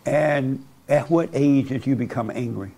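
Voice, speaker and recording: A man's voice: medium pitch, a little slow, dark tone. A man with a mid-range voice counsels a guest like a preacher. He talks bluntly and directly, pressing his points one after another. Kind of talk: counseling talk.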